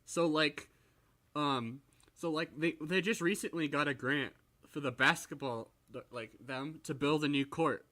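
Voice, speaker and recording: A young man on a podcast, casually chatting in a halting way with frequent restarts. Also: fairly high pitch, bright, forceful tone. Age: young adult. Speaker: podcast co-host, college student. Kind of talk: casual chat.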